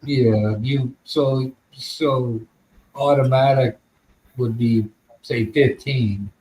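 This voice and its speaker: An American podcast host, a man, tells a long, meandering story in casual chat, laid-back and swearing plenty. His voice is medium-pitched, warm and fairly even, he speaks very slowly, and the recording quality is low.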